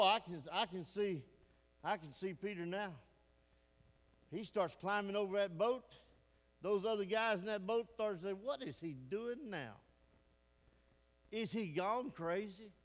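Man, pastor, folksy emphatic sermon, high voice, church hall reverb. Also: moderate pace, long pauses, a bit bright. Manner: folksy, emphatic, asks the congregation questions. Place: church sanctuary.

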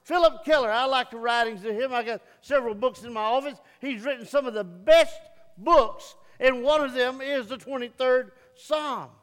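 A man's voice: very high voice, moderate pace, fairly bright tone. A middle-aged male pastor preaching a sermon in a church sanctuary, folksy and plain-spoken, swelling into emphatic peaks. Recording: long reverb of a church hall.

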